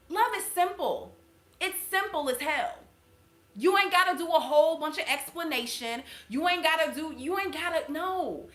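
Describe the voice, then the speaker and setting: Blunt, high-voiced woman giving a reading. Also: roomy sound. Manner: blunt and animated, swears freely, laughs often. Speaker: intuitive reader and channel host. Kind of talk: casual spiritual reading to viewers.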